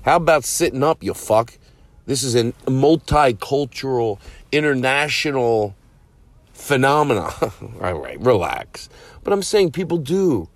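A man hosting his own show, swearing freely as he rambles and mocks himself. His pitch sits in the middle of the range for a man. He drifts off into asides, then picks the story back up. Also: sing-song, unhurried, dry recording. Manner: profane, self-mocking, trails off in asides. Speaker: comedian podcast host. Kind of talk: rambling comedic monologue.

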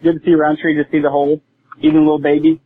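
A man's voice: a little high, completely flat delivery. Rambling man on a tinny phone line. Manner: rambling, halting analysis. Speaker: voicemail caller.

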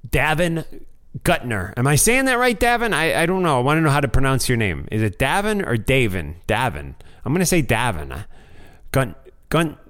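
An American man hosting a podcast, chatting in a rambling, self-deprecating way while reading out supporters' names. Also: mid-range voice. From United States. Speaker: podcast host. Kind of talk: casual chat.

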